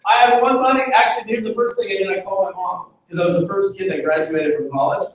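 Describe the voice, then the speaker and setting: A motivational speaker with a high-sitting voice talks fast, energetically telling joking stories to a live audience in an event room. The recording picks him up from far off in an echoey hall, with faint noise.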